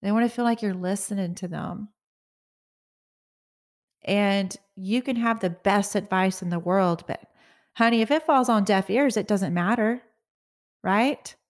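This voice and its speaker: A middle-aged woman talks on her own podcast in a casual, motivational way. She speaks at a middle pitch, earnestly and conversationally, and keeps checking in with her listeners. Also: unhurried, pauses often. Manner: earnest, conversational, often asks "right?". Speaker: podcast host.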